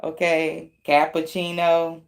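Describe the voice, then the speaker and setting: Woman tarot reader: deep voice, relaxed pace, blunt, profane, quick to laugh. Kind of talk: casual tarot reading.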